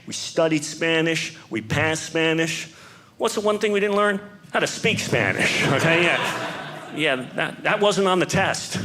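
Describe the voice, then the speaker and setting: Stand-up comedian on a noisy club stage. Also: male voice, high voice, sharp tone. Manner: conversational, asks the crowd questions. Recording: live club recording with crowd noise. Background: audience laughter.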